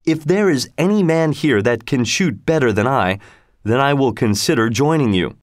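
A man with a mid-range, lively voice, close to an everyday one, speaks at normal speed as he plays a huge, blunt, proud stranger. The recording is clean studio sound with no room noise.

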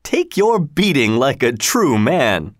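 A man voicing a giant, proud male stranger who talks bluntly and boastfully, slightly higher than his narrating voice. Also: very animated, slow, dry recording, studio quality.

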